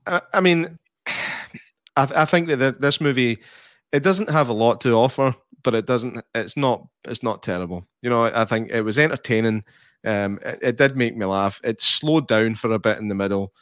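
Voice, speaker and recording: A man in a casual movie chat, talking in a lively way and laughing easily. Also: mid-range voice, moderate pace, no room sound.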